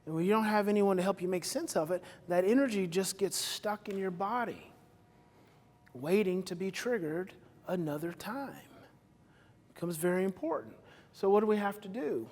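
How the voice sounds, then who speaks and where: A man giving a live talk to an audience, energetic and repetitive, with loud emphatic bursts. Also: sits high, moderate pace. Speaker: speaker on stage. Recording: reverberant hall.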